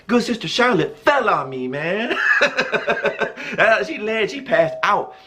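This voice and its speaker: High-voiced man telling a story, chuckling. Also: slow pace. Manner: chuckles often while telling; animated, jokey delivery. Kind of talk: casual personal storytelling.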